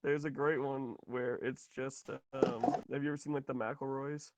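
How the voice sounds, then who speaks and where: A man's voice: medium pitch, steady tone, very noisy. A man chatting casually with friends before a tabletop game, joking around and slipping into silly voices. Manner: joking, puts on silly voices in quick bits.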